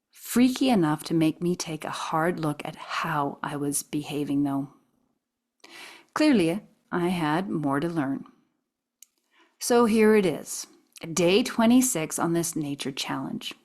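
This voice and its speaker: A woman with a somewhat low voice reads from her own memoir in the first person. Her telling is expressive, and she slips into soft whispers at the quiet, tender moments. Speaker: author reading her own book. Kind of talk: memoir reading.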